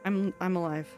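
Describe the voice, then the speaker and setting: A woman's voice: fairly low pitch, dark tone, highs cut off. A woman streamer chatting casually while gaming, rambling and teasing her chat in a playful, self-mocking way.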